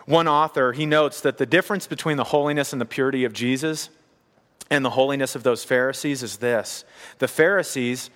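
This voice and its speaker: A man's voice: mid-range voice, a little fast, fairly bright tone. Earnest male preacher in a reverberant hall. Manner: earnest, building to emphatic repetition. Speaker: pastor. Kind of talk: sermon.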